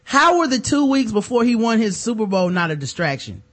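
Animated, profane man talking sports. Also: high-pitched, a little fast. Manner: animated, profane, mocking impressions. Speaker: podcast co-host. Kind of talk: casual sports talk.

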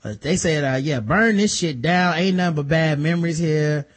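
A man's voice: a little high, normal speed. A man, casually recapping a TV episode and acting out characters in funny voices. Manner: animated, acts out characters with exaggerated voices and laughs. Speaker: podcast co-host.

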